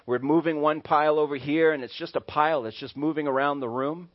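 A man's voice: a little high, fairly even intonation, fairly quick. A male pastor preaching a sermon in a conversational way and acting out little voices, in a dull lo-fi recording.

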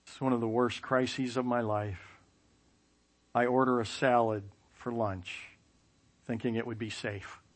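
Animated, self-mocking male storyteller. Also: medium pitch, measured pace. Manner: animated, self-mocking, uses sound effects. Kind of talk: personal anecdote.

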